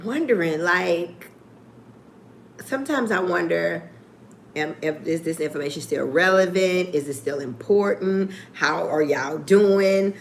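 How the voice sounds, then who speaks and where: A woman chatting casually on a livestream, candid and profane, with lively swings in her voice. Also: on the low side, measured pace, gravelly, a little hiss or hum. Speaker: YouTuber.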